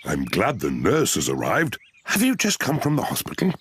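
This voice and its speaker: Jolly cartoon daddy pig. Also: male voice, fairly low pitch, huge pitch swings, moderate pace, a bit bright, breathy edge, heavily acted. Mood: jovial. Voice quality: hearty, chuckling delivery. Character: jolly, easygoing father pig. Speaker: cartoon father. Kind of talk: children's cartoon voice acting. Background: music.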